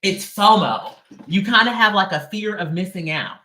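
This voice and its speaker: A man's voice: high-pitched, animated, moderate pace, pushed and bright, echoey room. A man giving a casual live tarot reading in a sassy, slangy, emphatic way. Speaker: tarot reader.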